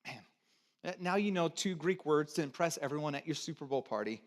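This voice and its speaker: A man preaching a sermon as pastor, talking conversationally to the congregation and swinging between loud emphasis and quiet, low asides. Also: lively intonation, a little fast. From United States (Texas, California). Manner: conversational, invites congregation to repeat words.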